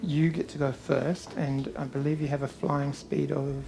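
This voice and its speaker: A woman's voice: deep voice, level tone, moderate pace, vocal fry, mellow, slight background noise. A woman narrating as game master in a casual, rambling way with many fillers.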